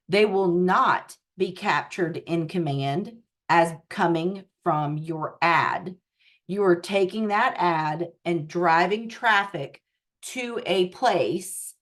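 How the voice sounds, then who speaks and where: A woman tech coach leading a live online training over a video call, explaining at an unhurried pace and often checking in with her listeners. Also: lowish voice.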